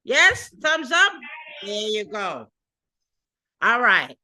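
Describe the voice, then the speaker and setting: A woman telling a children's story during a church worship service, addressing the children directly in an animated, expressive way. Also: medium pitch, extremely slow, pauses often.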